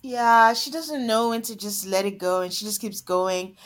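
A woman co-hosting a podcast, chatting casually in a fairly high voice. She laughs often and lets her sentences drop to a soft trail. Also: moderate pace. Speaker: podcast co-host. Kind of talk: casual chat.

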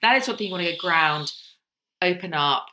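A woman's voice: on the low side, lively intonation, a little fast, bright, forceful tone, a little hiss or hum. A woman co-hosting a podcast, chatting casually in a rambling, giggly way. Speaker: podcast co-host. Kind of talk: casual chat.

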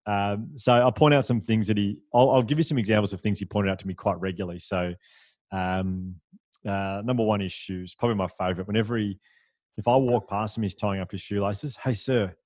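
A man who is a podcast guest, telling stories in a lively, chatty, self-deprecating way. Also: fairly low pitch, brisk, no echo. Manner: animated, chatty, self-deprecating, with fillers and laughs. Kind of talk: conversational storytelling.

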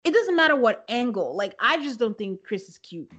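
Woman co-host, casual slang, high voice, dramatic retelling. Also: normal speed. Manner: animated, dramatic retelling with acted-out quotes. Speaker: podcast co-host. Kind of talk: casual chat recapping a reality show.

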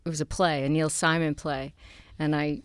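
A middle-aged actress from Queens with a New York accent, chatting in an interview with frequent laughs and halting restarts. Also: sits low, flat delivery, clean tone, dry recording. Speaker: actress guest. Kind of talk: casual interview chat.

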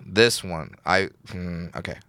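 Male comedian guest, smooth voice on the low side, dry close sound, lively anecdotes. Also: takes it slowly, no room sound. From Southern California. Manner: animated storyteller, acts out quotes. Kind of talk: casual interview chat.

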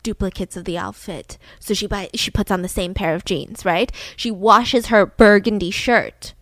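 A woman podcast host casually retelling a true-crime story in an animated, chatty way. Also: mid-range voice, moderate pace, no room sound. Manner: animated, chatty, slips into voices.

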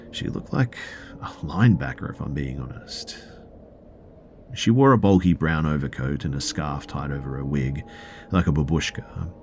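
A man hosting a podcast, reading a listener's first-person story aloud in a measured storytelling way with the odd filler. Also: rumbling low, slight background noise. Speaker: podcast host.

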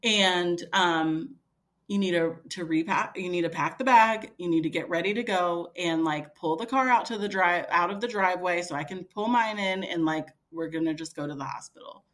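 Her pitch is fairly low and her speed normal. This woman in her thirties, guesting on a podcast, tells a casual story with plenty of animation, quoting others in dialogue and leaning on many fillers.

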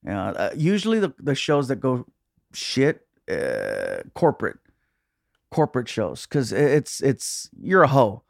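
Male comic guest, mid-pitched, dry close mic, lively yarn-spinner. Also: a little slow, creaky, no room sound. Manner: animated storyteller who jumps into loud high voices when quoting people. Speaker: comedian guest. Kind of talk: casual podcast chat.

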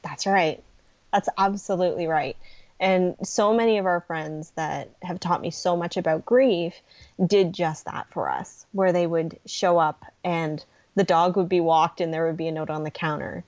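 Woman, middle-aged, low pitch, earnest, gentle, reflective, dry dull recording. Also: steady tone, moderate pace, dry recording. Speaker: guest grief support expert. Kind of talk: podcast interview conversation.

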